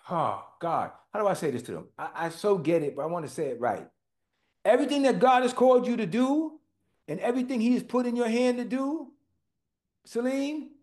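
Male preacher, fairly high voice, emphatic sermon delivery, addresses the congregation directly. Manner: emphatic, slows for stress, talks to listeners directly.

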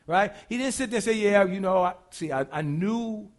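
A man's voice: high-pitched, normal speed, few pauses. A man preaching a sermon, colloquial and humorous, acting out quotes and asides as he teaches. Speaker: pastor.

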